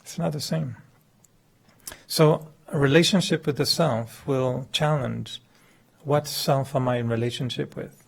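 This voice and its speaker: In a gravelly voice, a middle-aged man gives a light, funny spiritual talk as a meditation teacher, English not being his first language. He frequently chuckles at his own expense and performs quoted lines with dramatic swings in pitch.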